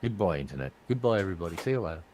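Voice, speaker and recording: A very low-voiced man cracking teasing jokes on a casual podcast. He plays up mock shock at his friends' remarks, with a faint hiss of background noise under his voice. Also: expressive, very fast, darkish tone, rough recording. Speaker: podcast co-host.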